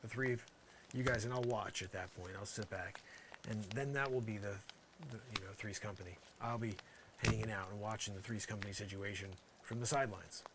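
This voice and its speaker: A man doing an improvised comic monologue, rambling and sarcastic, swinging between loud outbursts and muttered asides. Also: on the low side, brisk, background noise. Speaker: comedian.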